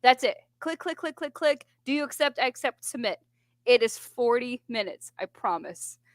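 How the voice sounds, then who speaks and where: A woman chatting on a radio show as a veterans benefits advocate, telling an animated story and swearing freely. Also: a little high, moderate pace, no echo. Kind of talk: casual radio chat.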